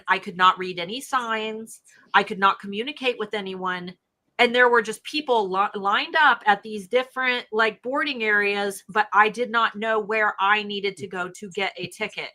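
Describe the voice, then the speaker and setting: Bright-voiced chatty woman. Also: medium pitch, moderate pace. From United States. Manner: animated storytelling, trips over words. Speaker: co-host of a live Q&A stream. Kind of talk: casual chat.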